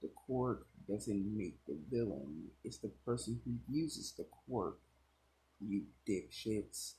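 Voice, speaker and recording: A man's voice: on the low side, lively intonation, takes it slowly, rough recording. A man voicing an irritated, foul-mouthed teenage boy hero in a read-aloud fan story. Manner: curt, swears, yells when angry.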